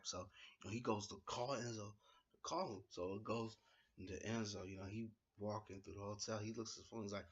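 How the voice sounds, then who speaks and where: A man giving a casual spoken review of a wrestling show, retelling it in an excitable, slangy way with plenty of fillers. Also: on the low side, moderate pace, lo-fi sound, a little hiss or hum.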